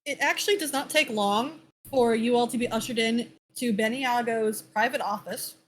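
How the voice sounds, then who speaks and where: A woman running a tabletop game as dungeon master, narrating scenes and speaking for a captain in a measured, amused way. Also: on the high side, a bit bright.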